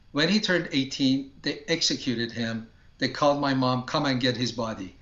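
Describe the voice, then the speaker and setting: A man's voice: mid-range voice, moderate pace, a bit bright, echoey room, lo-fi sound. A man from Iran, a ministry founder, tells his personal testimony in a talk show interview in an earnest way and acts out his prayers.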